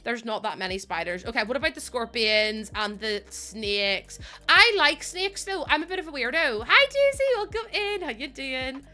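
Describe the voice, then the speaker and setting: A woman's voice: on the high side, expressive, moderate pace, hardly any pauses, bright, forceful tone, soft background music. A young woman with a Northern Irish accent, chatting and laughing with viewers on a casual live stream while she builds in a game. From Northern Ireland. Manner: chatty and rambling, laughs often, talks to viewers.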